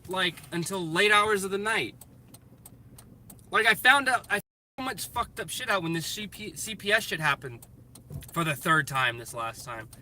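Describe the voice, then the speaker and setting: A man venting in a casual vlog, swearing freely and restarting his sentences as he rants in frustration while in a car. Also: high-pitched. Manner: profane, frustrated ranting with many restarts. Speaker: vlogger. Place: in a car in traffic. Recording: loud road and traffic noise.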